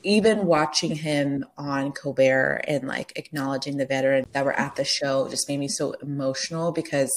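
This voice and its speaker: A woman co-hosting a podcast, chatting in an excitable way and cackling as she tells a story. Her voice is very low for a woman. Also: moderate pace, few pauses. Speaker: podcast co-host. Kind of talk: casual chat.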